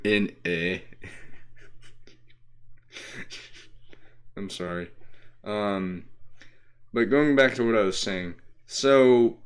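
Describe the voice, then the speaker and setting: A young man from Texas chats his way through a game stream, drifting between thoughts and picking up on what his chat says. His voice sits on the low side and he takes his time, with plenty of ums and uhs along the way. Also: extremely slow, pauses often, clean tone. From Texas, USA. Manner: rambling, answers chat, many fillers. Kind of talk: casual live-stream chat.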